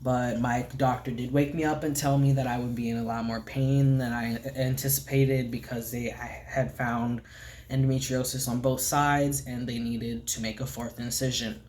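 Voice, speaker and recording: A man talks straight to his camera in a relaxed vlog update, his voice sitting at an ordinary middle pitch. He rambles gently, stacking up ums and restarts, and often lets his sentences sink to a quiet hush. A faint hiss runs underneath. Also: moderate pace. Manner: soft-spoken, rambling, many fillers, often trails off to a hush. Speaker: vlogger. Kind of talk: casual recovery update vlog.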